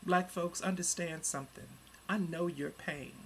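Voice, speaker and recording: 40s person ranting at the webcam, rough gravelly voice, lots of cussing, goes loud then mutters low. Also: steady tone, moderate pace, slight background noise. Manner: profane and heated, swinging between loud outbursts and low muttering. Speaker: vlogger. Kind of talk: angry webcam rant. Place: at home in front of a computer.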